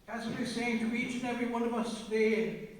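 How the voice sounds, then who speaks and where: A man, preaching a sermon as a priest, slow and emphatic, often repeating his phrases. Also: very high-pitched, fairly even intonation. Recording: echoey hall from far off.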